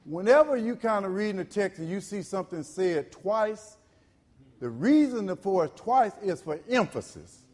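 A male pastor, preaching a sermon in call-and-response style. He repeats phrases and swings from loud to low. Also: big pitch swings, moderate pace, long reverb tail.

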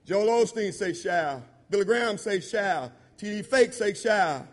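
A man preaching a sermon in an informal, repetitive style, swinging between loud shouted emphasis and low murmured asides. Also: lively intonation, a little slow.

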